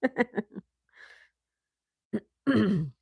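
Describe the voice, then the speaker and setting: A woman's voice: mid-range voice, animated, very slow, vocal fry, husky, no echo, narrow, tinny audio. A woman hosting a casual livestream, reading viewer comments aloud and laughing often. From United States. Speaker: livestream host. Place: home in Florida.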